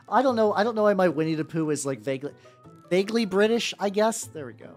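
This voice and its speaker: A male streamer rambles and jokes with his viewers while painting, his voice swinging up and down in a lively, animated way. He talks loosely, swears freely and wanders off topic. Soft music plays quietly behind him. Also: high voice, fast talker. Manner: rambling and joking, often swearing. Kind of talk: casual live-stream chat. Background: faint background music.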